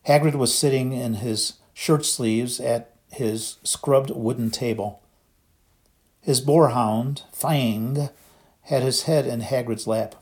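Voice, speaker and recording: This is scripted audiobook narration by a man with a mid-range voice, delivered at a steady, measured storytelling pace.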